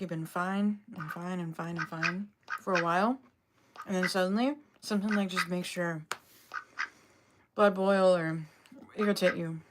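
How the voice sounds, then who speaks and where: A woman's voice: medium pitch, background noise. A young woman hosting a casual livestream from home, talking in a rambling way with lots of fillers. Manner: rambling, filler-heavy and chatty. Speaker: livestream host.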